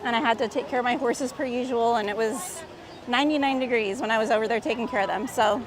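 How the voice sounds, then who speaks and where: A woman hosting a casual live stream outdoors in a busy theme park. She chats upbeat with viewers, a little hoarse, on a handheld phone. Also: a little high, fast talker. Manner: chatty and upbeat, reads out viewer comments. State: slightly hoarse, voice cutting in and out. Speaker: livestream host. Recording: loud crowd and outdoor noise.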